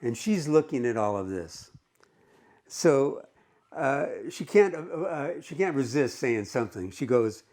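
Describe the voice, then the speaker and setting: A man's voice: medium pitch, big pitch swings, a little slow, darkish tone. Chatty man teaching a story lesson. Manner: conversational, with frequent "okay" checks. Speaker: English teacher. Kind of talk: explaining a story in a recorded lesson.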